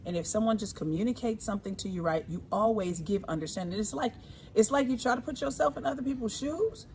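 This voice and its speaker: A woman in her forties, talking casually and warmly about her husband, emphatic and repeating her points. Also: mid-range voice, fast talker, slight background noise. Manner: emphatic and repetitive, often repeating phrases. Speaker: co-host, singer. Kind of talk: casual heartfelt talk.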